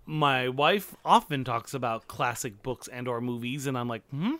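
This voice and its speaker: A man in casual, joking podcast chat, lively and quick to swear. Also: mid-range voice.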